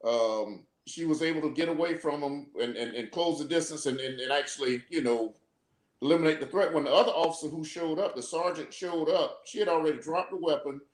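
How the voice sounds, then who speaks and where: Speaking fairly quickly in a voice on the high side, a former police officer repeats himself often as he explains steadily. The live video talk show discussion is recorded in an echoey room.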